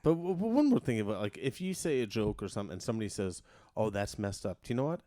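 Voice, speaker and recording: A man's voice: mid-range voice, sing-song, racing, mellow, no echo, clean studio sound. A man co-hosting a casual podcast chat, easygoing, with frequent short agreements. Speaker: podcast co-host.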